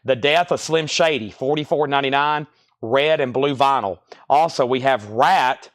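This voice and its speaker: A man with a Southern US accent hosting a live record sale, reeling off titles and prices in a steady, folksy sales patter. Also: mid-range voice, moderate pace. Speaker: host selling records on a livestream. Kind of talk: live sales stream, casual chat.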